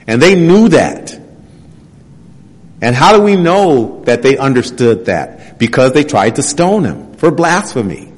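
A man preaching a sermon. He reads scripture passages slowly and presses his points with rhetorical questions. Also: medium pitch, big pitch swings. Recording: long hall reverb.

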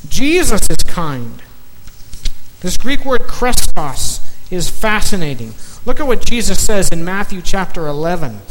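A man preaching a sermon in slow, emphatic phrases, dropping to a near-whisper on key words. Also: sits high, lively intonation, a bit bright. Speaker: pastor. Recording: long reverb of a large hall, faint noise.

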